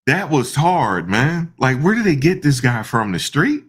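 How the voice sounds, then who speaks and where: A man giving casual, slangy reaction commentary, animated and repeating himself, often breaking into laughter. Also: medium pitch, unhurried, husky. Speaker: online commentator.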